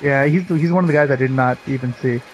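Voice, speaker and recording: A man's voice: medium pitch, fast talker, muffled recording, a little hiss or hum. A man co-hosting a casual chat, laid-back and laughing easily. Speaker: co-host. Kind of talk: casual chat over match footage.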